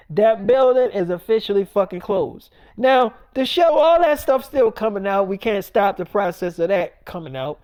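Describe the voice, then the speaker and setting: A man's voice: high voice, a little mellow, no echo, clean studio sound. A man telling an improvised story as a rant, cursing constantly and repeating his threats. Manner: profane, repetitive, threatening.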